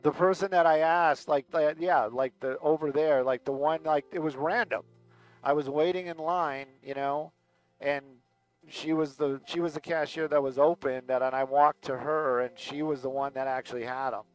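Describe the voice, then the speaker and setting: A man's voice: on the high side, steady tone, moderate pace, no room sound, soft background music, low-quality recording. A man hosting a live aerial stream, telling a casual, rambling story full of fillers and acted-out quotes. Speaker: aerial news pilot and livestream host.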